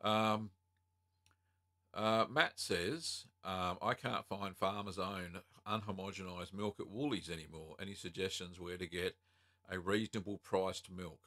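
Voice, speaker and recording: An Australian man with a low voice and a bright, forceful edge to his tone. He hosts a casual live-stream Q&A from home. He reads out viewer questions and chats through his answers with plenty of ums and uhs. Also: measured pace. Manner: relaxed and chatty, many ums and uhs, reads out chat comments.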